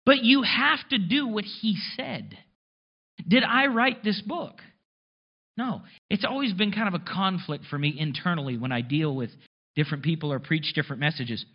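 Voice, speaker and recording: Pastor, man, husky and lively, conversational sermon with sarcastic asides, muffled recording. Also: high-pitched, normal speed. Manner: conversational preaching with sarcastic asides and rhetorical questions.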